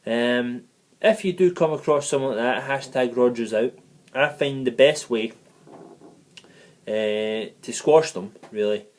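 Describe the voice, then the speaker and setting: A man's voice: mid-range voice, a little slow. A man giving a heated, profane and digressive football review in a fan vlog. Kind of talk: ranting match review vlog. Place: living in the United States.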